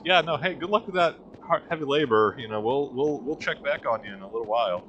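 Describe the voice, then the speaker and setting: A man's voice: medium pitch, expressive, fast, few pauses, a bit bright, slight background noise. A man hosting a let's-play, giving sardonic, jokey and rambling commentary. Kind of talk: casual gameplay commentary.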